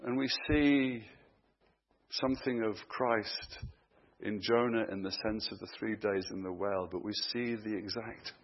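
Man preaching a sermon, husky voice, shifts from hushed emphasis to urgent questions, muffled lo-fi recording. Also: lowish voice, steady tone, unhurried.

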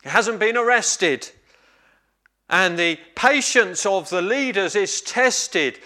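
A man preaching a sermon, telling a story in a measured, reflective way with pauses. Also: high-pitched, pushed and bright.

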